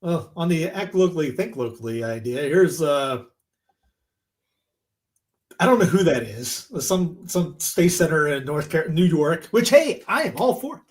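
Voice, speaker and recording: A man co-hosting a podcast in casual chat, animated and quick to mock people with put-on voices. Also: on the high side. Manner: animated, mocking voices in quotes. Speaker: podcast co-host.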